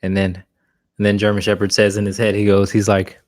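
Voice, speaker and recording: Blunt, low-voiced male dog trainer. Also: completely flat delivery, fairly quick, darkish tone. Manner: blunt, casual, frequent restarts. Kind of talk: live Q&A talk.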